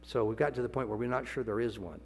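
Folksy older preacher, gravelly voice. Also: male voice, steady tone, fast, faint music behind. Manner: folksy, joking, swings from low asides to loud high exclamations. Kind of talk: sermon. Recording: long hall reverb, faint hum.

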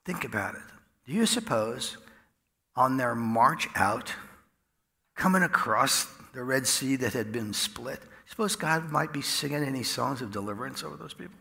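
A man preaching a sermon in a folksy storytelling way, dropping to a hush and then rising loud. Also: mid-range voice, lively intonation, moderate pace, gravelly. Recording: echoey hall with long reverb.

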